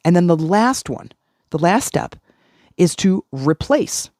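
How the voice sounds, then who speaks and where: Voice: mid-range voice, very animated, takes it slowly, a little mellow, no echo. Middle-aged self-help podcaster, earnest, repeats phrases to drive them home, dry close sound.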